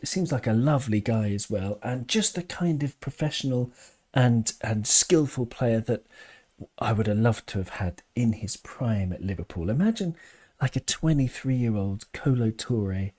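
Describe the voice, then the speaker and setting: A man with a mellow, medium-pitched voice runs a live fan stream. The chat is casual and thoughtful, and he often starts over and chuckles while reading comments from viewers.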